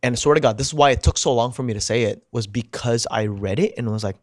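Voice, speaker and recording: Talking fast at a medium pitch, this man appears as a podcast guest and tells an animated, casual story. He swears casually and performs other people's quotes, recorded in a studio with no room sound.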